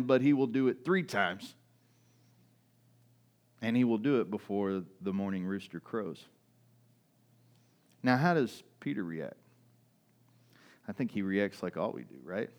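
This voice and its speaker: A man's voice: mid-range voice, expressive, a little slow. Conversational male pastor preaching. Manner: conversational, with many fillers and restarts; acts out quoted lines with raised voice. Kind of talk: sermon.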